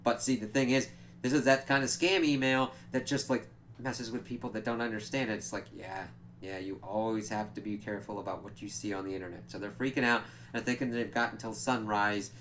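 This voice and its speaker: A man's voice: on the low side, steady tone, fairly quick, fairly bright tone, a little hiss or hum. A man giving a casual, rambling spoken review of a TV episode, with loose asides and frequent fillers.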